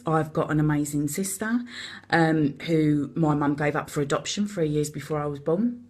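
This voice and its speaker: A woman with a Cockney accent hosting a live stream, chatting rapidly and encouragingly to her viewers. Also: sits low. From London. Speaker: host of a live support video. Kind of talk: casual live-stream chat.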